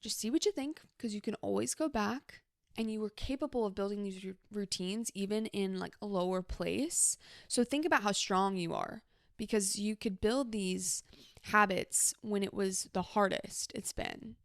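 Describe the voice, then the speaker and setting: A young adult woman hosts a solo advice podcast at a middle pitch, her voice slipping into a gravelly fry. She talks casually and reassuringly, scattering "like" through her sentences. The sound is dry and close, with no room around it. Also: normal speed, no room sound. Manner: casual, reassuring, with many "like" fillers. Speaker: podcast host.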